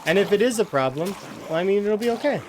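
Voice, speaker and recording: Guy streamer rambling thru gameplay, kinda high voice, trips over words. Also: animated, quick pace, noisy background. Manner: rambling, restarts words, dismissive of complaints. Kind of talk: casual gameplay commentary.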